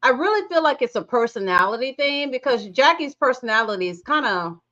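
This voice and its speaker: Female co-host, blunt and profane, very animated pitch, muffled lo-fi mic. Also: fairly quick. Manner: blunt and profane, swings between flat asides and loud outbursts. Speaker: podcast co-host. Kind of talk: casual chat. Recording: dull lo-fi sound.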